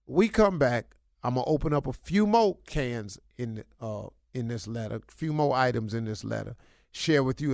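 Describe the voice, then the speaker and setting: A middle-aged male radio host hands out relationship advice in a preachy, emphatic voice, hammering points home by repeating them. His voice sits high for a man. The sound is dry and close, with no room around it. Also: vocal fry, no room sound. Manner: preachy, emphatic, colloquial, repeats himself for punch. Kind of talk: animated advice talk.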